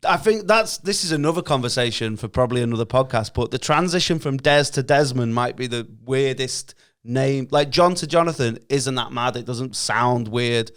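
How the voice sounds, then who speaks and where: A man's voice: medium pitch, normal speed, fairly bright tone, smooth. A young man co-hosting a podcast, chatting casually and wandering off on playful tangents. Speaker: podcast co-host. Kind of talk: casual banter among friends.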